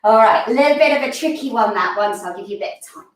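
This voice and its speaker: A woman leads a children's yoga lesson, her voice on the high side, animated and racing, and a little out of breath as she gives encouraging instructions and sings counting verses. She is recorded from a distance in an echoey room.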